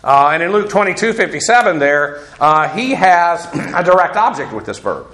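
A man's voice: on the high side, very animated, moderate pace, fairly bright tone, reverberant. A man teaching through a Bible passage verse by verse, folksy and digressive, with asides and chuckles.

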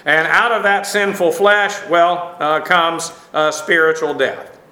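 Bright-voiced male Bible teacher, echoey room. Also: a little high. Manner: halting, full of uh fillers, dry asides.

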